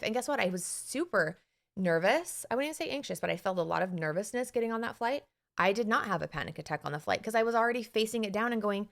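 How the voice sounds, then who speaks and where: An animated woman co-hosting a podcast as an anxiety coach. She tells her story in a casual way, laughs often, and jumps into quoted inner voices. Her voice sits at an ordinary middle pitch. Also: quick pace.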